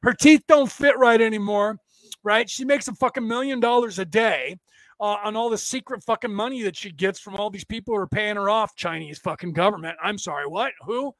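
A man's voice: sits high, brisk, fairly bright tone, dry recording. A man hosting a rambling, profane comedic rant from his desk. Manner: profane, rambling, laughing at his own jokes. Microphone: desk setup.

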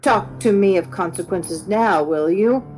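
A woman's voice: medium pitch, unhurried, a little mellow, soft background music, lightly acted. A woman voicing a cold, greedy old witch who speaks curtly and dismissively. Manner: curt, dismissive.

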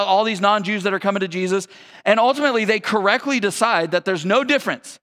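A man's voice: high voice, fairly bright tone, big-room sound. A man preaching a sermon as a pastor, in a casual, conversational and slangy way.

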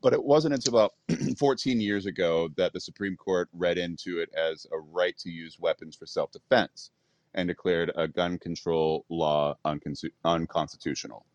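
Deep-voiced male podcast co-host, halting note-reader, dry sound. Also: steady tone, dry recording. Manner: reads history notes aloud, halting. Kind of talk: casual podcast chat.

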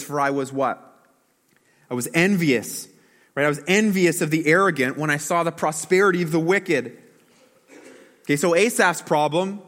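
A man's voice: on the high side, fairly bright tone. A man preaching a sermon, talking casually with the congregation and asking them questions, and sometimes acting out a whining complaint in a raised voice. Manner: conversational, asks the congregation questions; acts out quoted whining with a raised voice. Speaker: pastor. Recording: long hall reverb.

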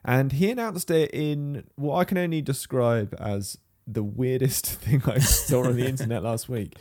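A man chats on a homemade tech podcast, recorded in a spare bedroom. He rambles and jokes, and speeds up in quick bursts. His voice sits at an average pitch for a man. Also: a little mellow. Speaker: podcast co-host. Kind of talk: casual tech podcast chat.

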